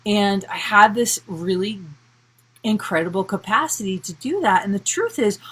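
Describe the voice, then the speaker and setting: Young woman chatting on a livestream, lively and laughing, acts out freaked-out voices. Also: mid-range voice, moderate pace, husky. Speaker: somatic intuitive coach, live stream host. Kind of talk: casual live-stream talk to viewers.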